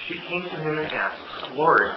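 A man reading scripture aloud in a plain, low-key way during a sermon. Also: sing-song, fairly quick, dull audio, a crowd in the background. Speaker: scripture reader.

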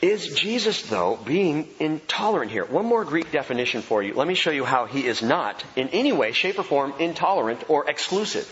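A man preaching a sermon as pastor, emphatic and animated, repeating key phrases for effect. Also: fairly high pitch, moderate pace, hardly any pauses, a little hiss or hum. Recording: dull sound with long hall reverb.

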